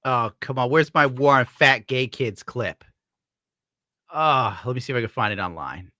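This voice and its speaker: A man's voice: mid-range voice, normal speed, sharp tone, no room sound, clean studio sound. A man from upstate New York giving crude, sarcastic commentary while browsing, laughing often. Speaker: streamer host.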